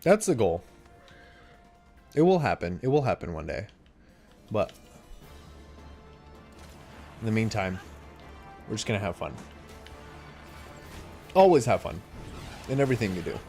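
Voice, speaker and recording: A man's voice: on the low side, sing-song, measured pace, long pauses, dark tone, soft background music. A young adult man streaming a game, chatting casually and reacting aloud to what happens on screen. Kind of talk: casual live-stream chat while gaming.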